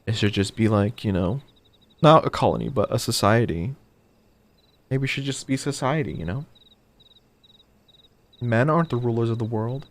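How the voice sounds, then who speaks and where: A man's voice: mid-range voice, normal speed, pauses often. A man streaming a video game, rambling and chatty, often mocking himself. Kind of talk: casual gameplay commentary.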